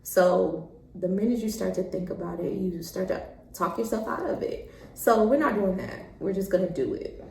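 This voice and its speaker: A woman's voice: lowish voice, expressive, normal speed, gravelly, darkish tone, reverberant, slight background noise, poor audio. A young adult woman, a podcast guest, talking confidently and laughing easily in a casual interview. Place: studio.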